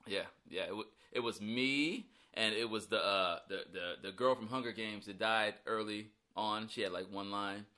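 A man's voice: on the low side, normal speed, hardly any pauses, pushed and bright. A man who is an actor, chatting casually and jokingly about a film role in an interview. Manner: rambling, joking, self-deprecating. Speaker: actor guest.

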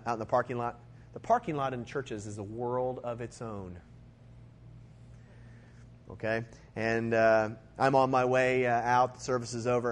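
A man preaching a sermon in a conversational way, moving between emphatic points and quieter asides. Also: medium pitch.

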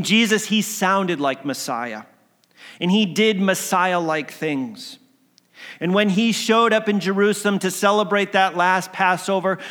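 A man telling a story as a sermon, swinging between emphatic lines and hushed ones. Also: high-pitched. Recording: long hall reverb.

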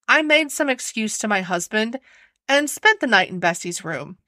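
A woman narrates an old ghost story in an expressive storybook reading. Her voice is bright and higher-pitched, with lively melody. The recording is dry and close. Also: moderate pace, dry recording. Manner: expressive, animated period-story delivery. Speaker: audiobook narrator.

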